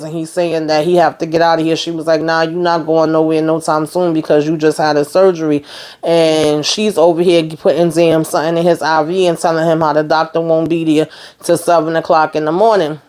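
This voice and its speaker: A woman's voice: sits low, little pitch movement, brisk, a little mellow. A woman giving a chatty, casual recap of a TV episode, retelling the scenes by quoting the characters. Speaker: TV show recapper.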